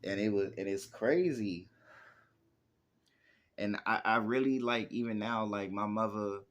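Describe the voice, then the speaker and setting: Speaking a little slowly in a fairly low voice, a man in his twenties who produces music and raps shares rambling stories in a laid-back interview. He fills his sentences with "like."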